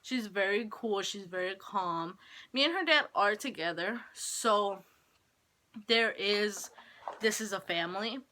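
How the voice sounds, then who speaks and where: Teenage girl, vlogger, casual home video, rambling filler words, bright tone. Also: mid-range voice, measured pace. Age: teens. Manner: chatty, rambling with many "like" fillers. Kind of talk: casual talk to camera. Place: home, holding her baby.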